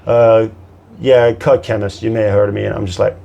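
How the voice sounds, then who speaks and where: A man guesting on a podcast as a bartender swaps casual, lively stories, swearing and dramatizing the people he quotes. He has a lowish voice with vocal fry, talks fairly quickly, and there's slight background noise.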